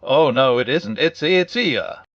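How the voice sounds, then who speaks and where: A man voicing a small, timid male piglet who speaks in a nervous, squeaky rush. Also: expressive, slow pace, a bit bright, dry recording, dull audio. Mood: excited.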